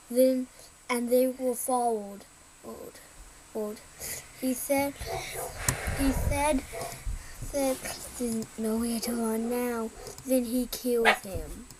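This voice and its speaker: A young woman retells a film in a slow, halting way. She repeats her words and trades playful jabs. Her voice sits fairly high, over faint background noise. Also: mellow, low-quality recording. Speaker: podcast co-host. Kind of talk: casual movie recap chat.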